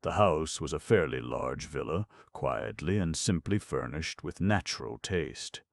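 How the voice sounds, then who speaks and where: A male narrator reads a classic novel aloud in a measured, unhurried manner. His voice is extremely deep, with a gravelly fry. The sound is close and dry, with no room around it. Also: expressive, dry recording. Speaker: audiobook narrator. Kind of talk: scripted audiobook narration.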